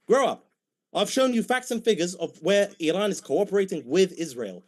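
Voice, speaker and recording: A man's voice: sits high, very animated, a little fast, darkish tone. A man with a British accent debating heatedly, mocking and combative toward his opponent.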